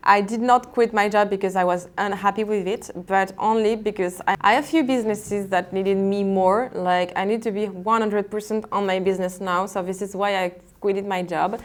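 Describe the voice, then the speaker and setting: French-accented woman in her twenties vlogging. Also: mid-range voice. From France. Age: 20s. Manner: chatty, apologetic, laughs often, repeats herself. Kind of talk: casual unboxing vlog talk.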